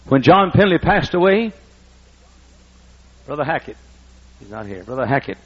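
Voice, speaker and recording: A man in his sixties preaching a sermon, emphatic and repetitive as he builds toward shouting. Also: mid-range voice, creaky, slightly rough, highs cut off. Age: 60s. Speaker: pastor.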